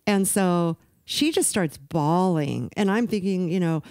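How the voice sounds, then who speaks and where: A middle-aged woman recounting a personal story on a podcast, animated and openly emotional. She slips into the voices of the people she quotes. Her voice sits a little low, recorded close and dry. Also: moderate pace, few pauses, no echo. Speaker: podcast co-host. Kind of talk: casual storytelling chat.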